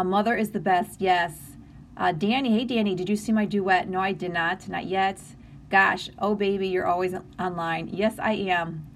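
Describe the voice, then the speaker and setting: Slight background noise sits behind this mid-range female voice. She's a middle-aged livestream host who reads viewer comments aloud and speaks in an earnest, emotional, encouraging way, frequently restarting her sentences.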